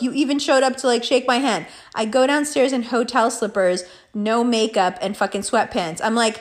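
A woman's voice: on the high side, moderate pace, few pauses. A young woman telling a story to her viewers in a casual, profane monologue, acting out both sides of an argument. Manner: profane, animated, acts out both sides of a quarrel.

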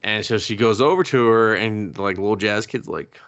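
Profane, animated man recapping anime. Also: fairly low pitch, moderate pace, no room sound, highs cut off. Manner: profane, animated storytelling, acts out characters' lines. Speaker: podcast co-host. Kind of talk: casual anime recap chat.

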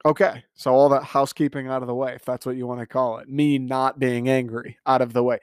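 A man's voice: medium pitch, little pitch movement, brisk, few pauses, clear, resonant tone, dry recording, clean studio sound. A man in his twenties hosting a casual solo podcast, rambling and sarcastic with self-mocking asides, and bothered by hiccups. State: has the hiccups. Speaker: podcast host.

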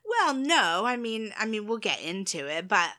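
A woman's voice: medium pitch, big pitch swings, moderate pace, sharp tone. A woman co-hosting a podcast, chatting casually, laughing often and restarting her sentences. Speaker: podcast co-host. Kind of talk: casual chat.

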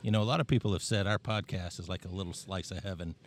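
A man's voice: deep voice, quick pace, over loud music. A man hosting a podcast, interviewing a vendor at a fair with a jokey, upbeat manner. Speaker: podcast host.

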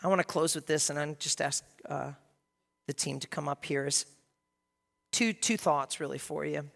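A male pastor preaching a sermon, passionate and swinging from quiet to loud. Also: on the high side, fairly even intonation, moderate pace, gravelly, in a large hall. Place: church sanctuary.

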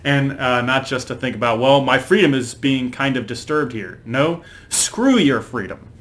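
A man putting on the voice of a loud, blustering Austrian-accented male action star in a rough impression. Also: medium pitch, expressive, moderate pace, lightly acted. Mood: ranting. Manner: shouty, strained, laughing through.

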